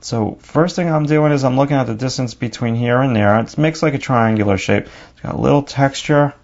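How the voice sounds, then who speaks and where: A man's voice: mid-range voice, fairly quick, a little mellow, lo-fi sound. A man with a New York accent narrating a drawing lesson, talking casually and thinking aloud as he works. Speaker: drawing teacher.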